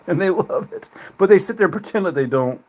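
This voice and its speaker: A man livestreaming, ranting at his chat in a mocking, profane way, laughing often and swinging from loud jabs to low muttering. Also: animated, a little fast.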